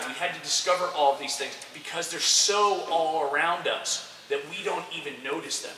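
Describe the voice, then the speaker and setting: A man coaching young soccer players, giving an energetic, direct motivational talk to a group and checking in with frequent "okay"s. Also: fairly high pitch, moderate pace, few pauses. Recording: roomy echo, distant mic, faint noise.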